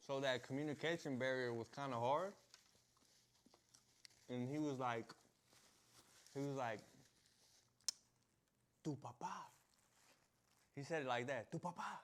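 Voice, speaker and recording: A young man, a vlogger, telling a story in a casual, slangy way, laughing and acting out the scenes. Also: medium pitch. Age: young adult.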